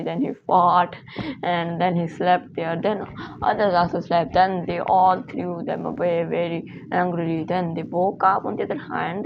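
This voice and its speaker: A woman vlogger casually retelling a film plot in English, halting with frequent fillers and restarts. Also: lowish voice, creaky. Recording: muffled noisy recording.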